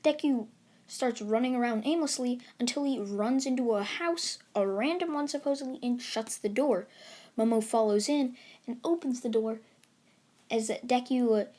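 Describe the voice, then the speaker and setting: A woman's voice: a little high, normal speed, mellow. A woman casually narrating an anime fan story, rambling with many fillers. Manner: rambling, filler-heavy, giggly asides.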